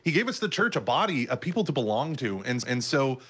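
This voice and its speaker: Lively Texan man in interview. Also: mid-range voice, breathy edge. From Texas. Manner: animated, laughs often, quick asides. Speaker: guest, parish ministry leader. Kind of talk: casual interview answers.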